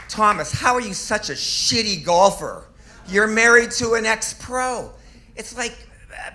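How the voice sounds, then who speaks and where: A man's voice: a little high, bright, forceful tone, slight background noise. A man in his fifties doing a stand-up comedy set on a club stage, delivering self-deprecating punchlines with little chuckles.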